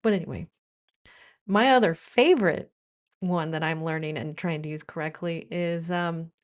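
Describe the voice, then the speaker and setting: A woman's voice: sits low, moderate pace. An American woman vlogging in a wry, playful commentary style, now and then slipping into quoted phrases. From United States. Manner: wry, playful, shifts into mock-British quotes. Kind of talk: chatty commentary.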